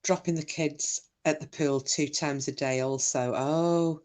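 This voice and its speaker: A woman's voice: sits low, a little slow. Bawdy woman chatting on a livestream. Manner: cheeky, bawdy, lively banter. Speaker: live stream host reading chat. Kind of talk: casual chat.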